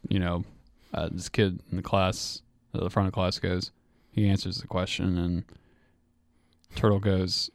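A man co-hosting a casual podcast tells a rambling childhood story. His voice is low-pitched, and he chuckles and restarts his sentences often. The sound is dry and close to the mic. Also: smooth, dry recording. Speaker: podcast co-host.

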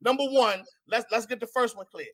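A man's voice: very high voice, fairly quick, crowd noise. A man, a battle rapper, arguing heatedly with a rival and repeating himself to talk over others. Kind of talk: heated face-off argument.

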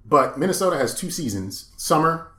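A man's voice: on the high side, sing-song, normal speed, sharp tone. A man co-hosting a casual comedic podcast who brings up news stories with laid-back, dry humor and casual swearing. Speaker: podcast co-host. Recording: echoey room.

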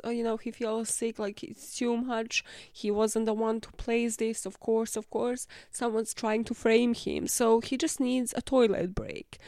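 A woman hosting a casual film recap, sarcastic and quick to swear as she retells the plot. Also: on the high side, a little mellow, no echo, clean studio sound.

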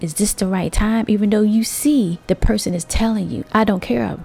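A woman hosting a motivational monologue, talking conversationally to her listeners with drawn-out emphasis and rhetorical asides. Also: medium pitch, mellow, husky, soft background music. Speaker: host.

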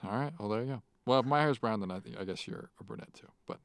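A man's voice: medium pitch, very fast, creaky, fairly bright tone, no room sound. A young man hosting a podcast in casual chat, teasing and laughing often with many fillers. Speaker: podcast host.

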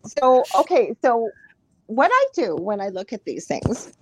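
A woman who works as a psychic medium, a podcast guest telling stories in a lively, chatty way with frequent laughs. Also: on the high side, husky, dry recording. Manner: animated storyteller, laughs often, quick asides. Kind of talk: casual chat, storytelling.

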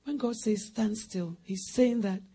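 Her voice is husky and medium-pitched, and she keeps a measured pace while delivering a sermon. Acting out scenes, this woman lurches from loud bursts to quiet whispers, laughing frequently as she goes.

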